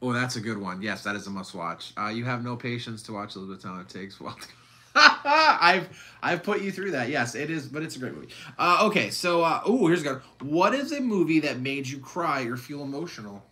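A man co-hosting a podcast, chatting casually about movies, animated and quick to laugh, with some swearing. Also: mid-range voice. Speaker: podcast co-host. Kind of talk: casual chat.

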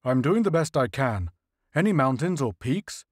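A man playing a calm, practical pilot general in an audiobook, talking in level, no-nonsense phrases. The sound is dry and close. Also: medium pitch, moderate pace, husky, no echo. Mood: steady.

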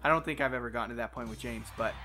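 A man's voice: mid-range voice, very fast. A man talking casually and bluntly while playing a video game, crude and joking. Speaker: let's play commentator. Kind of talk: casual gaming chat. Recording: faint game music behind.

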